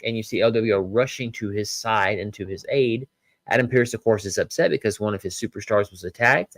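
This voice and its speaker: A man's voice: mid-range voice, no echo. A man hosting a solo wrestling review podcast, talking casually and rambling with lots of "again" and "basically".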